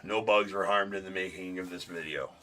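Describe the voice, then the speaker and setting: A man's voice: deep voice, steady tone, fairly quick, bright, forceful tone, faint music behind. A man hosting a live card break stream, chatting casually and joking as he opens packs, with the odd swear.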